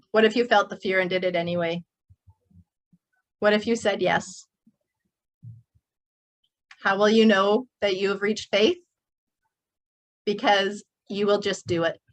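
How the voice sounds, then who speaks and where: Middle-aged woman hyping up her workshop crowd, preachy and emphatic, all in on it. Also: medium pitch. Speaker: motivational workshop speaker. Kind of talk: motivational speech. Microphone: speaking to a live online group.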